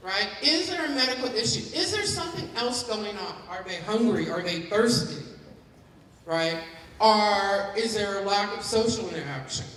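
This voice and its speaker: Woman running a caregiver workshop, bright forceful voice, keeps asking the crowd "right?", big roomy hall, mic far off. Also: medium pitch, moderate pace, a little hiss or hum. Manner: interactive, keeps checking in with the audience. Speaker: dementia care educator. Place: large hall at a community forum.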